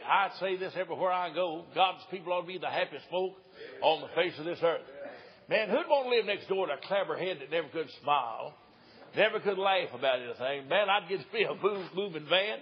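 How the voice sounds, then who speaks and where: A man's voice: high voice, expressive, brisk. A man in his sixties with an East Tennessee accent, an evangelist telling folksy, joking stories in a sermon and laughing often. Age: 60s. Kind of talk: humorous sermon storytelling. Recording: dull lo-fi recording.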